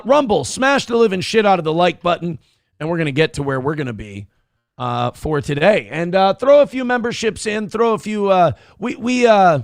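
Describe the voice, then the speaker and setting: A man hosting a morning livestream show, reading donations in loud, crude, fast banter. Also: high voice, creaky, no room sound, clean studio sound.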